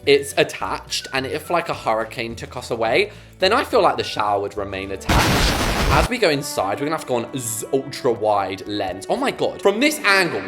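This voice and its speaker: A woman chatting bubbly and casually to her viewers while building in a game. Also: extremely low pitch. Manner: chatty, bubbly, talks to chat. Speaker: gaming YouTuber. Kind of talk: casual gameplay commentary. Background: background music.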